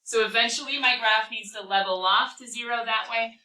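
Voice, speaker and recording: Woman math teacher in class, bright voice, kinda far from the mic, keeps quizzing the kids. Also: a little high. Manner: energetic, quizzes the class with quick questions. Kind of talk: classroom calculus lesson.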